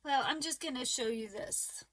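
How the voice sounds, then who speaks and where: A middle-aged woman vlogging casually to camera about crochet mail, her voice going hoarse, halting and emotional with many fillers and restarts. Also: high-pitched, a bit bright, a little hiss or hum. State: losing her voice.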